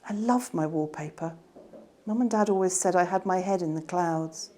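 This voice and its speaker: A woman reading her children's novel aloud in a gentle, expressive way. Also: fairly low pitch, moderate pace. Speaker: author reading her book.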